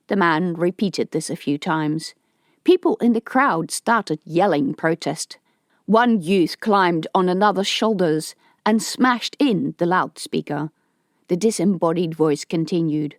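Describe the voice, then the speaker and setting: A woman's voice: lowish voice, measured pace, darkish tone, dry recording. Woman narrating an audiobook, dry sound. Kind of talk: scripted narration.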